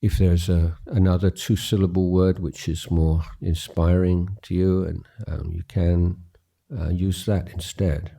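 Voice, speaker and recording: A man in his later years leading a guided meditation, speaking slowly and haltingly with pauses and fillers. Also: low voice, level tone, vocal fry, mellow. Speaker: meditation teacher. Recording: recorded at a retreat.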